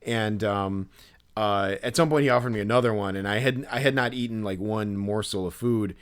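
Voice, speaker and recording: A man's voice: on the low side, normal speed, clear, resonant tone. A man co-hosting a podcast, telling a story in a rambling way with many fillers and restarts. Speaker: podcast co-host. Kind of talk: casual storytelling.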